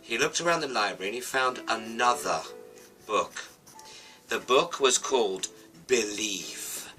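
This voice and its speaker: A man's voice: mid-range voice, animated, measured pace, pushed and bright, recorded from a distance, faint music behind, rough recording. A British man telling a comic story with a toy, chatty and playful, with asides to the viewer.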